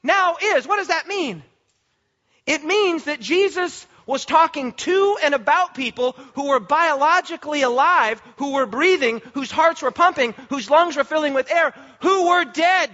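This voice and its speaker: A man preaching a sermon with passion, repeating phrases and rising to shouts for emphasis. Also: very high voice, normal speed, muffled recording.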